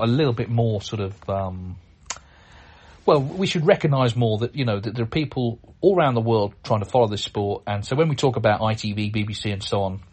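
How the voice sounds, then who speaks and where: A man's voice: mid-range voice, a little mellow, slightly rough. A man hosting a podcast on his own, talking casually, with plenty of fillers and restarts as he rambles through listener emails. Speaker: podcast host. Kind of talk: casual solo podcast talk.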